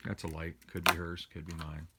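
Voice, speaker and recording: A man's voice: low-pitched, little pitch movement, a little fast, very noisy. A man vlogging from home on a phone, rambling and complaining wearily in a casual monologue. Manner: weary, complaining, meandering with restarts. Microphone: phone camera.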